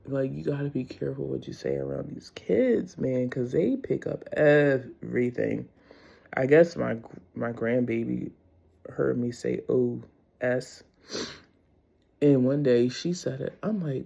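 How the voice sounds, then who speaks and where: A woman's voice: extremely low pitch, measured pace, gravelly, dark tone, breathy edge, highs cut off. A middle-aged woman vlogging a casual faith talk, candid and rambling with frequent laughs.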